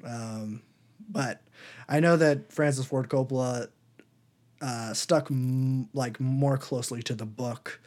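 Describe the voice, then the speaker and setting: A young man rambles through a casual movie chat on a podcast, full of ums and likes. He keeps slipping into a high mocking voice to act out lines. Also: fairly even intonation, slow, darkish tone. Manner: rambling, lots of fillers, acts out silly quotes in a high voice. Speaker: podcast co-host.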